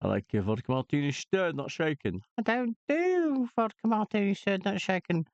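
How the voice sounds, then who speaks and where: A man's voice: high voice, sing-song, moderate pace, clean tone, dry recording, voice pushed up. A man doing a comic impression of a suave older male spy, in a drawling, mock-suave way, on a dull lo-fi recording. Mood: smug.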